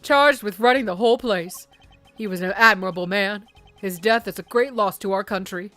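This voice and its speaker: A woman's voice: medium pitch, moderate pace, fairly bright tone, dry recording, faint music behind, lightly acted. A woman voicing a formal, stately male ambassador from a game who speaks in a dignified way. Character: formal middle-aged male ambassador, proud of his small nation.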